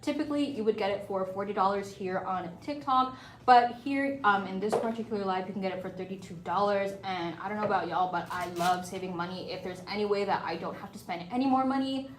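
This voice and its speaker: A woman's voice: mid-range voice, a little fast, far from the mic, noisy background. Chatty woman selling live, off-mic in echoey room. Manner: chatty and upbeat, addresses viewers as y'all. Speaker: livestream seller. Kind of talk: casual live shopping pitch. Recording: echoey room, voice a bit off-mic, faint ambience.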